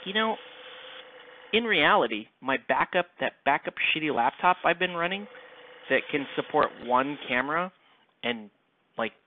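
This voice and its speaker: A man's voice: on the high side, lively intonation, normal speed, long pauses, a little hiss or hum. A man live streaming while he paints miniatures, chatting casually and rambling with many fillers into a headset mic. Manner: rambling, self-deprecating, lots of fillers. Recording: tinny phone-like sound.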